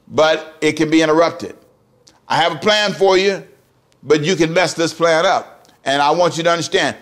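A man's voice: fairly high pitch, a bit bright. A man preaching a sermon as pastor, emphatic and repetitive, often asking the congregation direct questions.

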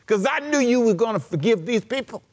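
A man's voice: extremely high pitch, expressive, brisk, pitched above the performer's own voice. A man voicing an angry, resentful male prophet, bitter and heated.

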